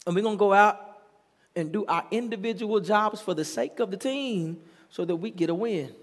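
A man's voice: sits high, normal speed. Pastor, man, middle-aged, sermon in a church with a long echo, leading the room in call-and-response. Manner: preaching with call-and-response and chanted repetition. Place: church sanctuary. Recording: long hall reverb.

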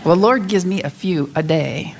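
A woman speaks to an audience, telling a story in an animated, laughing way. Her voice sits on the low side. Faint noise runs under the recording. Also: normal speed, creaky, some chatter behind.

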